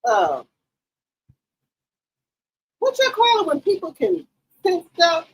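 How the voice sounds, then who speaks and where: A woman hosting a gossip channel, giving casual, loud, profane commentary on reality TV and talking straight to her chat. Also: very high voice, wildly swooping pitch, slow, low-quality recording. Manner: loud, profane, emphatic hype.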